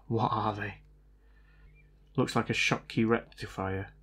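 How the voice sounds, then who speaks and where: Talking slowly through a repair, this hobbyist vlogger has a fairly low, fairly bright voice with mostly even intonation, and a bit of hiss or hum sits under the audio. His casual, think-aloud remarks are hesitant and full of self-doubt.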